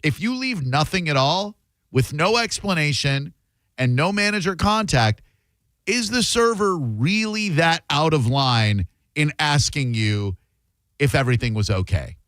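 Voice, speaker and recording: A man's voice: fairly high pitch, unhurried, dry recording, studio quality. A man hosting a radio talk show, telling stories casually and acting out the voices in them. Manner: animated, acts out voices in his stories.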